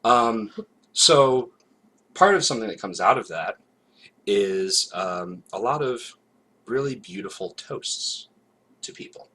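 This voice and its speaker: A man's voice: lowish voice, lively intonation, slow, long pauses, bright, forceful tone, slight background noise. A man co-hosting a casual podcast, talking in a playful, hesitant way with many fillers. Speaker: podcast co-host. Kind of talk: casual chat. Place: home, recorded live.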